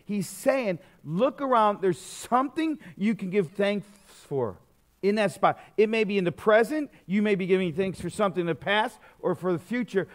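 A middle-aged man preaches in a loose, conversational way, full of asides and restarts. His voice sits a little high and swings widely in pitch as he tells his stories. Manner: animated storytelling, conversational with many fillers. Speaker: pastor. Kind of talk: sermon.

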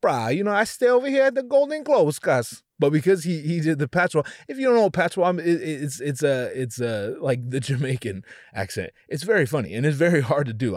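Recorded dry and at studio quality, this young man's mid-range voice carries a profane, jokey rant as he hosts his podcast. The monologue is casual and riddled with restarts.

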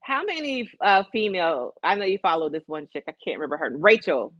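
A woman's voice: on the low side, expressive, a little fast, a bit bright, dry recording, highs cut off. Blunt, profane woman from Chicago. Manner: candid, profane, laughs through her stories. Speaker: podcast co-host. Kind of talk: casual chat.

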